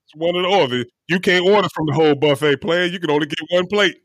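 A man's voice: on the high side, quick pace, a bit bright, no echo, studio quality. A man co-hosting a casual chat, talking in a frank, rambling way and swearing casually. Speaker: podcast co-host.

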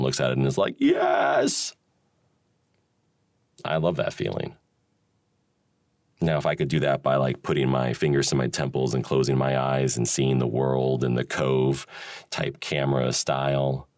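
An extremely low-pitched man's voice, recorded clean in a studio with no echo, carries a solo reflective podcast monologue. The host rambles and muses, chuckling often and restarting his sentences.

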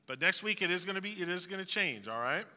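A man's voice: high-pitched, expressive, fast talker, pushed and bright, long reverb tail. A male pastor giving a sermon, earnest and preaching, with jokey asides.

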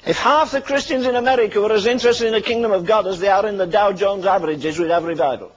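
A man's voice: sits high, fast talker, few pauses, low-quality recording. An older man preaching a fervent sermon, firing punchy rhetorical questions and dropping dry asides between warnings.

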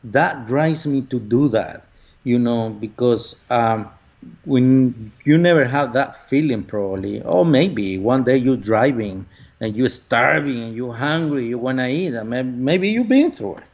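Earnest man with halting speech. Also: medium pitch, lively intonation, darkish tone, highs cut off. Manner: earnest, halting, many fillers. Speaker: lottery winner guest. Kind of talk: conversational interview.

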